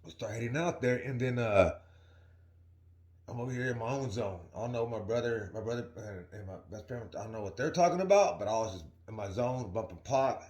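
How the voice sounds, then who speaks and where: A man's voice: medium pitch, fairly quick, a little mellow, reverberant. A young man telling a story casually to his viewers in a slangy, rambling way, often asking "right?". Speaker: vlogger.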